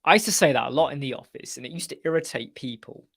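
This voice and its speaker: A man's voice: a little high, quick pace, a bit bright, no room sound, studio quality. Chatty man hosting a live web chat. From United Kingdom. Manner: chatty, jokey, answers viewers by name. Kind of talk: casual live-stream chat.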